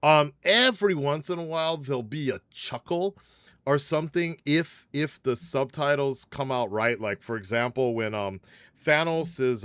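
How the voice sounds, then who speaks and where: A man's voice: medium pitch, fairly bright tone, clean tone, no echo. Rambling man from Japan, dry close sound. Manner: rambling, many fillers and restarts. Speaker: livestream panelist. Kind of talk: casual movie spoiler chat.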